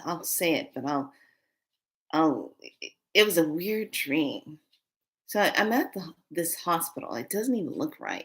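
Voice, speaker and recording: Animated woman telling a dream story. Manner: animated storyteller, acts out dialogue with big pitch jumps. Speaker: spiritual channel host. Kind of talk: casual storytelling to camera.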